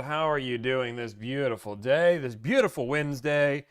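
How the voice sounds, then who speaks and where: A man's voice: medium pitch, moderate pace, clean tone, dry recording, studio quality. A man hosting a casual livestream, hyped and playful, talking straight to his live chat. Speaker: livestream host.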